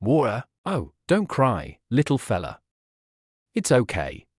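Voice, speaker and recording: Kindly old fighter grandpa, soft chuckles, pitch bouncing around, dry sound, man doing the voice. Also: huge pitch swings, unhurried, no echo. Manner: chuckling, cooing, gentle. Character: kindly old male martial artist grandpa.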